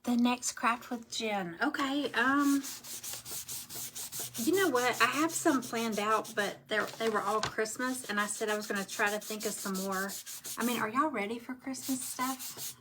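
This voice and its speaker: A middle-aged woman with a slightly high voice and a Southern drawl hosts a craft livestream, chatting slowly and easily as she works on a project. She wanders from thought to thought and greets viewers by name, while a faint hiss sits in the background.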